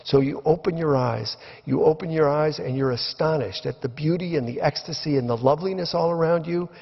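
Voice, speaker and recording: Older man, debate remarks, reflective storyteller, gravelly, echoing hall. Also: on the high side, fairly quick. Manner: reflective, storytelling delivery with acted quotes. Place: lecture hall. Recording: dull lo-fi recording in a reverberant hall.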